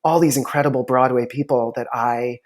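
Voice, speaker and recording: A man of ordinary pitch talks in a relaxed podcast interview. He tells stories, and he acts out the people he quotes with lively shifts in voice. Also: fairly quick. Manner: storytelling, animated quoting of others. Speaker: talent manager.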